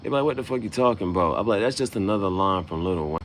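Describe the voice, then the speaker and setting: A man's voice: low voice, expressive, racing, a little hiss or hum. A man freestyling a loose, swaggering, profane rhyming monologue as host.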